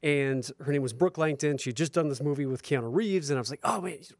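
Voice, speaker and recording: A man, a guest actor, telling animated anecdotes in a casual interview. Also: mid-range voice, fast talker, no echo, studio quality. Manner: animated, laughing storyteller. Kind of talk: casual storytelling.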